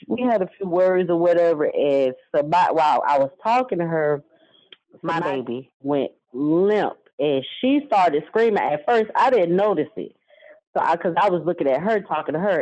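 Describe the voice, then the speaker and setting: A woman's voice: low voice, darkish tone. A woman telling a personal story in conversation, rambling, repeating herself and using many fillers. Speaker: guest. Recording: dull lo-fi sound.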